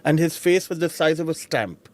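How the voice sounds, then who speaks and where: A middle-aged man with an Indian accent tells his life story as an interview guest. He talks in a somewhat high voice and acts out the people he remembers, switching between their voices. The tone stays animated and personal. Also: normal speed.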